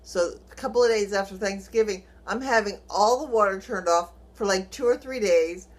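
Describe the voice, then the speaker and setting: Animated woman telling a personal story. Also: medium pitch, moderate pace. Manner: animated, acts out quoted dialogue, chuckles while telling. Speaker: vlogger.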